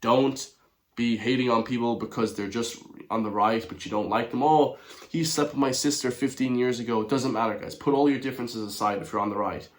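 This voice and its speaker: A young Irish man giving casual commentary to his viewers, chatty and quick to chuckle, calling them lads and guys. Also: medium pitch. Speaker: online commentator.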